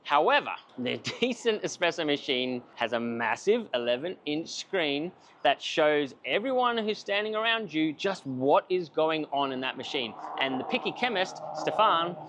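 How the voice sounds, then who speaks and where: A man's voice: on the high side, expressive, moderate pace, fairly bright tone, slight background noise. A man giving a casual, enthusiastic coffee machine review to camera, chatty and self-mocking.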